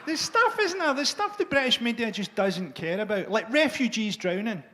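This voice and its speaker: A middle-aged man doing a dark, sardonic stand-up set, swearing freely. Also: very high-pitched, very animated, normal speed, slight background noise. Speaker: stand-up comedian.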